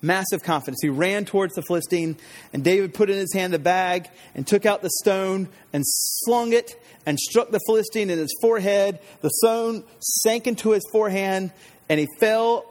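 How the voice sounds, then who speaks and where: A male pastor preaching an expository sermon, energetic and casual, retelling scripture dramatically with slang. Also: sits high, normal speed, in a large hall.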